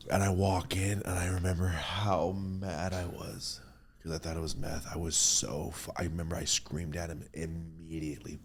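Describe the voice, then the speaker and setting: Deep-voiced man telling stories casually. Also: a little fast, breathy edge. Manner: loose, profane, animated storytelling with acted-out quotes. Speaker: podcast host. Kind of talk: casual storytelling chat.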